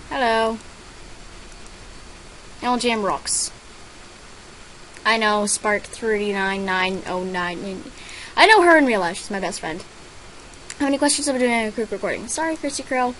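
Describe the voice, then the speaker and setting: A teenage girl with a mid-range, fairly bright voice chats casually while recording her gameplay as a gaming vlogger. She reads out other players' names and messages and squeals over gifts, though the audio is poor with a bit of hiss or hum.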